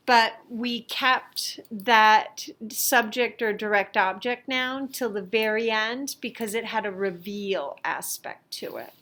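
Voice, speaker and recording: A middle-aged woman teaching a lesson, explaining slowly and carefully with the odd filler as she reviews worksheets. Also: medium pitch, a bit bright. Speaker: Latin teacher.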